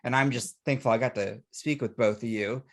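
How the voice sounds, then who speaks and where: A man hosting a horror podcast, speaking earnestly and emotionally in a halting way with fillers. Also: mid-range voice. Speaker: podcast host. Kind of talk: casual interview chat.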